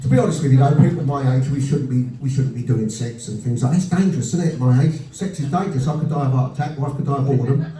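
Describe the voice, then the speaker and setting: Fast-talking blunt stand-up comedian, roomy. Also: male voice, medium pitch. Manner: blunt deadpan storytelling with crude punchlines. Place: comedy venue before a laughing audience. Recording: roomy live venue sound from a distance. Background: audience laughter.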